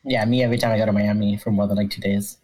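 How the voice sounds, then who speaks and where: A woman co-hosting a podcast, recapping a TV episode in casual, dry, deadpan chat. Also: a bass voice, very fast, rough recording. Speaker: podcast co-host.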